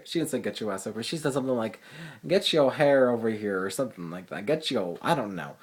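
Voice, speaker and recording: Teen dude talking fast and sassy into his phone, swears a lot, lots of um and like. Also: medium pitch, animated. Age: teens. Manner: fast, profane, sassy rambling with many fillers. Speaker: vlogger. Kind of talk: casual storytelling vlog. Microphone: phone camera.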